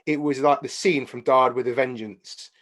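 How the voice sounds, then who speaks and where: Man telling lively stories. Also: medium pitch, moderate pace, background noise. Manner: animated anecdotes, hums tunes. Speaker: podcast guest. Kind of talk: casual storytelling chat.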